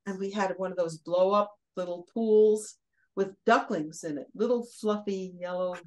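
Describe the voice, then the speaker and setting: An older woman from Brooklyn, guest on a chat show, tells stories with relish. She laughs between phrases, acts out the lines people said, and lets the tale run on in a steady, mid-range voice. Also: mid-range voice, moderate pace, rough recording. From Brooklyn, USA. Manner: lively anecdotal storyteller who laughs mid-sentence and acts out quotes. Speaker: guest, former children's TV host. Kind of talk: casual storytelling interview.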